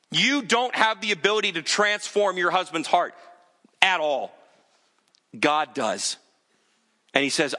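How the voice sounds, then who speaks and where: A man's voice: high-pitched, lively intonation, moderate pace, sharp tone, long reverb tail. A male pastor preaching an earnest, urgent sermon and acting out the voices of the people he quotes.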